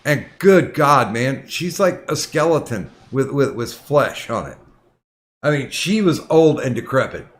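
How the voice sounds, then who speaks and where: A man's voice: medium pitch, very animated, unhurried. A man hosting a casual podcast, retelling a story in a heated, profane way with lots of restarts. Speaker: podcast host.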